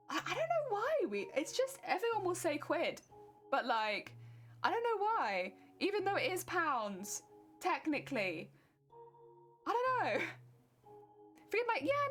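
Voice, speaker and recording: A young British woman streamer chats casually with her live chat, giggling as she answers viewers. Her voice is very high-pitched and fairly bright, with huge pitch swings, a slightly slow pace and long pauses, over soft background music.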